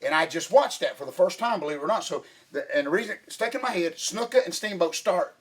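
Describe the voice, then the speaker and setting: A middle-aged man hosting casual chat, excitable and rambling with many restarts. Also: high voice, quick pace, slightly rough. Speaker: podcast host.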